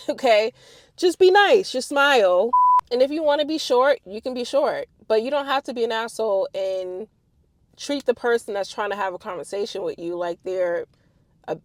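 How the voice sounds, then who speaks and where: A woman in her thirties casually telling a personal story to her viewers, animated and swearing freely. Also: on the high side, normal speed, dry recording, studio quality.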